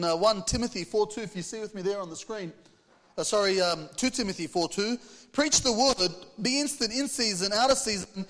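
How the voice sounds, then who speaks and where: A man's voice: sits high, fairly bright tone, in a large hall. A man preaching a sermon, reading scripture aloud and putting earnest rhetorical questions to the congregation. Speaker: pastor.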